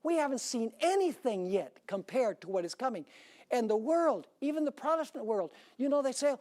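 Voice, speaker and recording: A man preaching a sermon with conviction. He presses his points hard and keeps turning to the congregation with rhetorical questions. His delivery is steady and emphatic. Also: extremely high pitch, moderate pace. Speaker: pastor.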